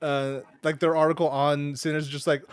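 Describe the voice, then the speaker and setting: A man co-hosting a podcast, riffing casually on movie news with quick laughs. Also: fairly high pitch, level tone, clear, resonant tone, dry recording, studio quality. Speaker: podcast co-host. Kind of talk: casual chat.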